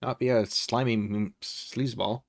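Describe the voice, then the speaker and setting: A man's voice: medium pitch, fairly even intonation, a little slow, vocal fry, no room sound, clean studio sound. A man streaming from home, chatting casually and rambling, with frequent swearing and chuckles. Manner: rambling, profane, chuckles often. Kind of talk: casual livestream chat.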